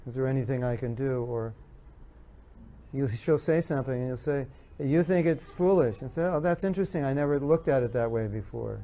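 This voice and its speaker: Male lecturer, mellow dark tone, earnest, repeats his points to the audience. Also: medium pitch, brisk. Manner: earnest, repeats key phrases, acts out spouses' lines. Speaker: speaker giving a talk on marriage. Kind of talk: spiritual lecture with audience questions.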